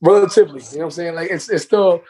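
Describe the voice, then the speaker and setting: Slightly hoarse young man, faint hiss. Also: a little high, fast talker, warm tone. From New York. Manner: laid-back, repeats "you know what I'm saying". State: hoarse from lost voice. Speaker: guest DJ. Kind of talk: casual interview.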